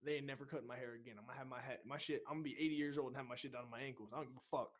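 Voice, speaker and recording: A man telling a boot camp story on a casual podcast, profane and animated, getting loud when he acts out what he said. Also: medium pitch, very fast. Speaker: podcast co-host.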